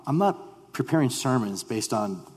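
A man's voice: mid-range voice, animated, unhurried, darkish tone, slightly rough, long reverb tail. A man preaching a sermon as pastor, earnest and conversational, often restarting his sentences. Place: church sanctuary.

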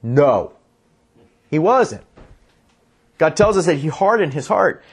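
A man preaching a sermon, reading scripture in a slower, lower voice and explaining it earnestly. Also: big pitch swings, breathy edge. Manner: reads scripture in a lower, slower voice, then speeds up; earnest, restarts sentences. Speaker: pastor.

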